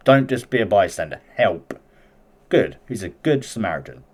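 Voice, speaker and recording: A man's voice: on the low side, very animated, moderate pace. A man hosting a casual show, reading news stories aloud and reacting bluntly, swearing freely between the lines. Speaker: host.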